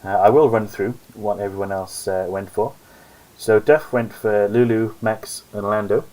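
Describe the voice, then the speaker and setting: A man's voice: on the low side, steady tone, moderate pace, a little mellow, low-quality recording. A man hosting a live-stream alone, chatting casually in a rambling, self-mocking way. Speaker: host. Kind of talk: solo live-stream commentary chat.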